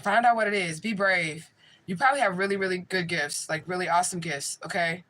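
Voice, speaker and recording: A woman's voice: on the low side, a little fast, fairly bright tone, rough recording. A woman working as a spiritual medium, hosting a casual livestream and answering viewers' chat in a blunt, profane way.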